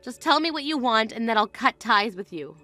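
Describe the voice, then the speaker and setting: A woman's voice: fairly high pitch, animated, a little fast, sharp tone, faint music behind. A woman voicing an indignant young bride who answers with cutting firmness in a voiced text-story drama. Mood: cold firm.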